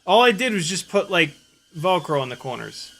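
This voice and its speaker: A man chatting loosely while flying a small drone on a live stream, rambling with fillers and breaking into loud laughter and swearing. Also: sits high, big pitch swings, normal speed, gravelly, slight background noise. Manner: laughing hard and exclaiming, swearing freely. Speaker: FPV drone pilot.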